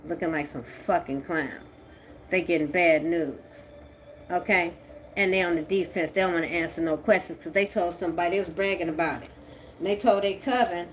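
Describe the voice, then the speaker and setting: A woman doing a tarot reading, talking in a profane, confrontational way that swings from a low mutter to shouting. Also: brisk, slight background noise. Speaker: tarot reader. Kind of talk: angry tarot reading monologue.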